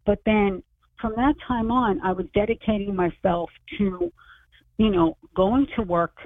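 A woman's voice: mid-range voice, unhurried, no room sound. A woman in her sixties, an author guest on a radio show, telling her story animatedly and acting out the voices of people she quotes. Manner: animated, acts out quoted dialogue. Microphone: phone. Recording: tinny phone line.

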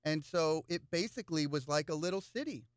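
With a slightly high, smooth voice at a somewhat quick pace, this local-office hopeful shares animated stories in a casual interview, frequently doubling up on words. It's a dry, studio-quality recording.

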